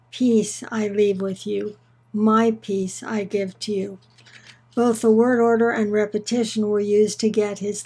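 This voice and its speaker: A woman giving a scripted Bible lesson in a measured, earnest way, slowing down on key words for emphasis. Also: medium pitch, dark tone, slightly rough, low-quality recording. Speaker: Bible teacher. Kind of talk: scripted teaching narration.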